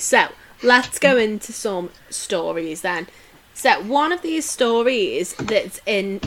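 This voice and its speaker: A woman's voice: medium pitch, fairly bright tone, a little hiss or hum. A woman co-hosting a casual podcast, telling history stories in a chatty way with many fillers and restarts. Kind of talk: casual chat.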